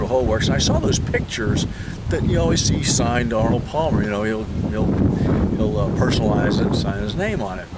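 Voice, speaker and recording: A man telling a rambling anecdote outdoors, restarting his sentences as he recalls a visit. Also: fairly low pitch. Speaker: golf association guest recalling a visit. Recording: loud wind noise on outdoor mic.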